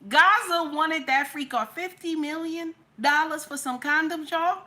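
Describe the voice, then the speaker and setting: A woman's voice: high voice, measured pace, bright, forceful tone. A young woman hosting a casual live-stream talk show, sassy and chatty, calling her viewers baby and honey. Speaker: podcast host.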